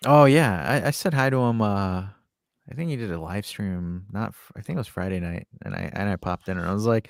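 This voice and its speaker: A man's voice: fairly low pitch, fairly quick, creaky, no echo, clean studio sound. A man co-hosting a casual livestream, chatting, joking and reading viewer comments aloud. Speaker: co-host of a fan livestream.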